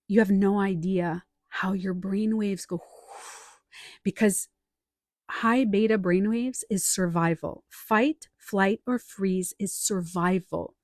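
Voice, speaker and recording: A woman coaching viewers on a live stream from home, animated, acting out the inner voices she quotes. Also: mid-range voice, measured pace, dry recording, studio quality.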